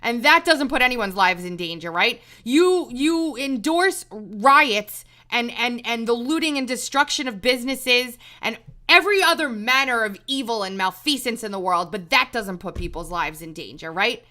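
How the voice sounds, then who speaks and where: A woman's voice: a little high, animated, moderate pace, hardly any pauses, bright, forceful tone. A woman host delivering an exasperated, emphatic commentary monologue, repeating words when heated. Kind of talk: angry monologue rant.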